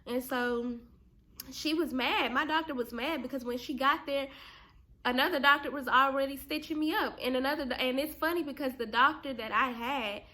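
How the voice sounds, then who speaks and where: Young woman vlogger, fairly high, bright tone, chatty storyteller talking to her viewers. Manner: animated, chatty, addresses viewers as "girl" and "y'all". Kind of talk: casual storytelling to camera.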